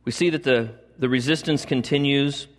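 A man's voice: medium pitch, normal speed. A male pastor preaching a sermon, repeating points for emphasis and adding chatty asides. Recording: long reverb of a large hall.

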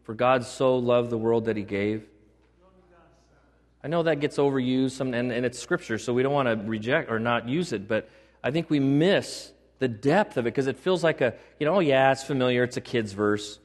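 In a church sanctuary thick with long reverb, a man preaches as pastor in a brisk, medium-pitched voice. His sermon is emphatic, full of repeated key phrases and questions aimed at the congregation.

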